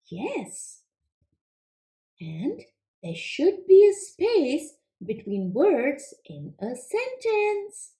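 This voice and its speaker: A woman teacher giving a children's lesson in a slow, clear, patient way. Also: sits high, huge pitch swings, warm tone. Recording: echoey room.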